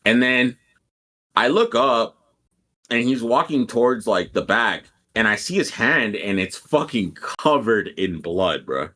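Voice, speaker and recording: A man's voice: medium pitch, expressive, unhurried, bright, forceful tone. A young man casually telling a rambling, profane story and quoting people animatedly as a podcast co-host.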